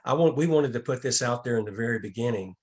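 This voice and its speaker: A man giving a training talk on a video call as an outreach director, speaking calmly with frequent restarts and repeated words. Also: medium pitch, quick pace.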